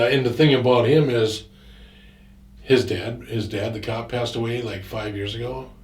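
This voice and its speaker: A man's voice: on the low side, roomy sound, far from the mic, a little hiss or hum. A man casually telling a rambling, profane personal story, full of fillers and restarts.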